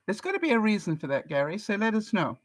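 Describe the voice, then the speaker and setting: An older English woman with a chatty, laughing way of talking as she answers viewers on a live stream. Her voice sits at an ordinary middle pitch for a woman. It is recorded dry and close, with no room echo. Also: big pitch swings, fast. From England. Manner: chatty, laughs often, reads viewer comments aloud. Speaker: vlogger. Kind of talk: casual live-stream chat.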